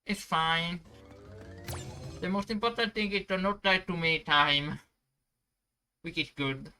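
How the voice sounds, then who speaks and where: A speedrunner commenting casually while playing, rambling and self-deprecating with halting restarts. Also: medium pitch, pushed and bright, faint music behind.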